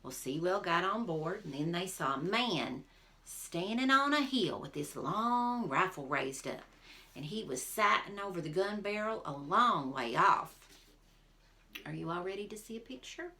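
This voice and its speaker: A woman teacher reading a folk tale aloud to her class, expressive and talking to the listeners directly. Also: fairly low pitch, measured pace. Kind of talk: storybook read-aloud for a class.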